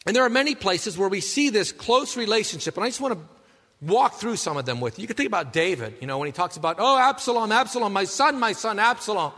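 A man preaching a sermon, telling stories and swinging between loud, earnest passages and hushed ones. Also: high-pitched, expressive, quick pace. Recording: long reverb of a hall.

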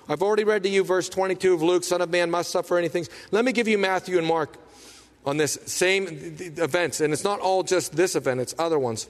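Pastor, male, high-pitched, emphatic preaching with rhetorical questions, long hall reverb. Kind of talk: sermon.

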